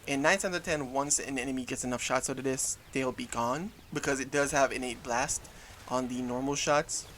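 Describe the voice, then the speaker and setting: This gaming YouTuber is a young man speaking fairly quickly in a mid-range, rather bright voice, with a bit of hiss or hum on the recording. He talks casually over gameplay, rambling and often catching and fixing his own words.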